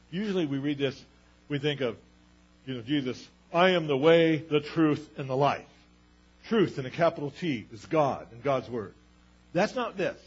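A man preaching to his congregation in an easy, conversational way, often asking rhetorical questions. His voice sits a little high and is husky. The church recording sounds muffled and dull. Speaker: pastor. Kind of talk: sermon.

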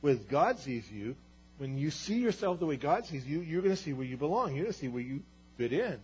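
Husky-voiced man preaching a sermon. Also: on the high side, sing-song, a little fast, a little mellow. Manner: earnest preaching, builds to emphatic repeated declarations. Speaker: pastor. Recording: dull, lo-fi sermon recording.

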